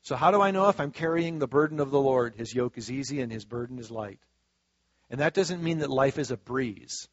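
A male preacher giving a sermon in a folksy, conversational way, swinging between soft asides and loud emphatic stretches. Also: mid-range voice, animated, a little fast, no echo. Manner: folksy and conversational, acting out quoted voices. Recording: dull, dry lo-fi sound.

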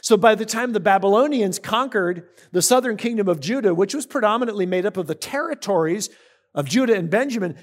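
A man preaching a sermon, reading scripture aloud and explaining it in a conversational way, often asking his listeners questions. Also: sits high. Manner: reads scripture aloud between comments. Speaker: pastor. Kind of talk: sermon teaching.

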